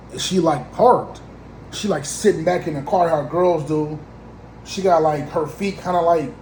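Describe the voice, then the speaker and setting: A man in his thirties telling a story in a casual, slangy, animated way and acting out both sides of the conversations. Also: fairly high pitch, reverberant, slight background noise, poor audio.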